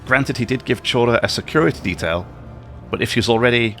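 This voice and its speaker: A man's voice: mid-range voice, a little fast, pushed and bright, faint music behind. A man reading a cold scheming conspirator. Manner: reads game dialogue aloud in a level tone. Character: scheming male station conspirator, cold and persuasive.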